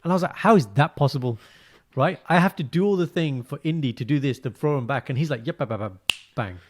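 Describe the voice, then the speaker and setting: A man, co-hosting a podcast in casual chat, telling stories with animation that often drops to a quiet, low-key delivery. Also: fast talker. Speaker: podcast co-host.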